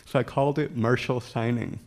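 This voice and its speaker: A man's voice: medium pitch, a little fast. A man telling a personal story to an audience in a humorous way, often chuckling as he talks. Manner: acts out dialogue with lively quoted voices.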